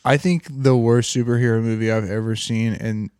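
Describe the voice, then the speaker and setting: A man's voice: medium pitch, normal speed, smooth, no echo, clean studio sound. A man chatting casually on a podcast, rambling and swearing as he tells stories. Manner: swears a lot, rambling and animated. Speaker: podcast host. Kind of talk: casual chat.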